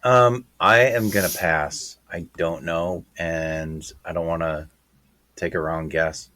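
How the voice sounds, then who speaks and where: A man's voice: sits low, steady tone, slow, pushed and bright. A man playing as a trivia contestant, unsure and cautious about his answers. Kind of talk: casual game chat.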